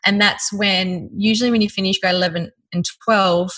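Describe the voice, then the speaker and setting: A woman in her thirties with an Australian accent, telling her personal story in a lively way and laughing often. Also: mid-range voice, moderate pace, rough recording.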